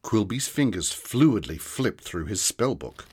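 A man narrating a children's fantasy story in a slow, deliberate storytelling manner. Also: on the low side, big pitch swings, background noise.

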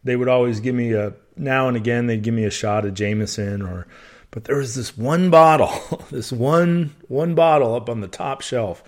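A man's voice: medium pitch, moderate pace. Laid-back man, rambling. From United States. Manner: rambling, restarts and corrects himself often; relaxed, chatty storytelling. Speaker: podcast host. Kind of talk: casual solo podcast monologue.

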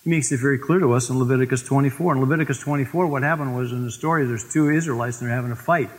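Pastor preaching in a reverberant hall. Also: male voice, medium pitch. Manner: storytelling, slows for emphasis on scripture. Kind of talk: sermon. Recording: long reverb of a church hall.

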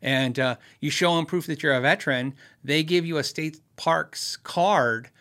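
A man with a fairly high, bright and forceful voice hosts a casual live Q&A. He rambles in an easygoing way, with plenty of fillers, restarts and short laughs. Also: unhurried. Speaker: livestream host answering viewer questions on guitars.

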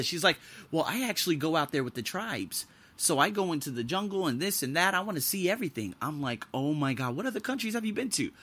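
A man, likely in his twenties, hosting a podcast and telling a personal story in a casual, excitable way, with loud exclamations and some profanity. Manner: animated, swings between loud exclamations and low asides. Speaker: podcast host.

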